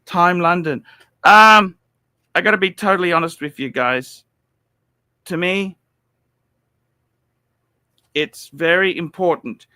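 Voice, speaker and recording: A man hosting a watch livestream, rambling and cursing, repeating himself and swinging between loud outbursts and low mumbles. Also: slow pace, long pauses, clean tone, dry recording. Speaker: livestream host.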